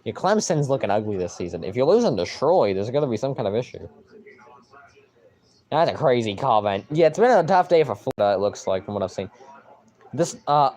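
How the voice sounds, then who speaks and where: A man's voice: medium pitch, fairly quick. Rambling young man reacting to football. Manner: rambling, excitable, mild swearing. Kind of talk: casual live-stream reaction.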